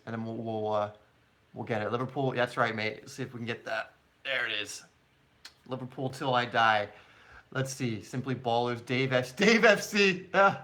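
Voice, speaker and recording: A man hosts a live question-and-answer stream, answering viewers in a loose, chatty way full of ums and restarts. His voice is bright and forward, sitting at an ordinary middle pitch for a man. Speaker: soccer channel host.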